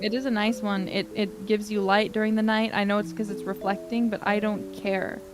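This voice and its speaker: Playful mid-pitched woman streamer. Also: flat delivery, a little fast, low-quality recording. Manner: playful, earnest, teasing. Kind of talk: casual chat. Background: background music.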